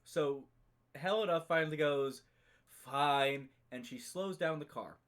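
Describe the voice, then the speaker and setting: Casting note: male co-host, slightly high voice, punchy storyteller who swears casually while recapping. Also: a little slow, fairly bright tone. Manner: emphatic storyteller, swears freely. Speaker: book club podcast co-host. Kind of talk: casual chat, retelling a story.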